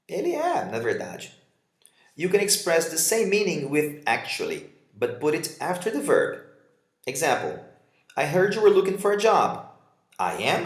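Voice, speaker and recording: Male English teacher, Portuguese native, lively intonation, roomy echo. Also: medium pitch. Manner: reads example dialogues and explains them, switching to Portuguese for translations. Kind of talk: vocabulary lesson.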